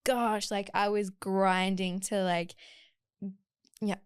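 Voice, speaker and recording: Candid, smooth-voiced woman podcast host. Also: medium pitch, dry recording, studio quality. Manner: candid storyteller, fast and expressive. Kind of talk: casual interview chat.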